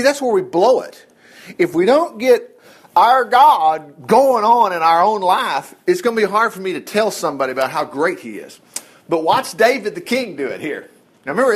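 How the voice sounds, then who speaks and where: High-pitched, lively man teaching the Bible. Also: moderate pace, breathy edge. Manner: animated, folksy, digressive, with acted asides.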